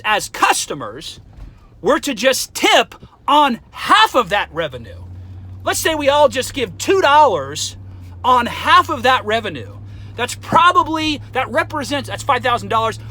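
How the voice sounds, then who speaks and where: A man vlogging an angry, profane rant, flaring up heatedly and then calming down. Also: very high-pitched, rough recording. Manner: profane, heated ranting that flares up and then calms.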